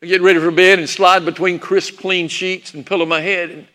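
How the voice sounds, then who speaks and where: A man's voice: high voice, flat delivery, brisk, pushed and bright. A preacher telling a sermon story, reminiscing about his parents. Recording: long hall reverb.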